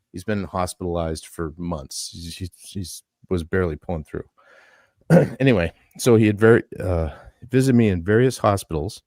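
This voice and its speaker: Man, deep voice, earnest reader, dry recording, adds asides while reading. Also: a little mellow, no room sound. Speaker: podcast host. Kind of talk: live-stream talk, reading a statement aloud.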